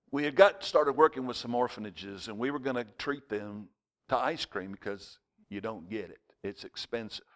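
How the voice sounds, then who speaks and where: A man, preaching a sermon as pastor of his congregation, mixing scripture with personal stories and acted-out shouts. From United States. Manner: storytelling preacher, jumps to high shouted voices in anecdotes.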